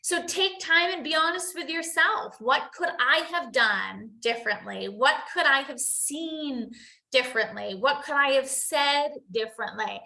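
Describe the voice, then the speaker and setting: Casting: bright, high-pitched woman, an earnest motivational host who repeats herself. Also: a little slow, creaky, roomy sound. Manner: earnest, repeats phrases, asks "right?" often. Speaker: host, coach. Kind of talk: motivational talk to viewers.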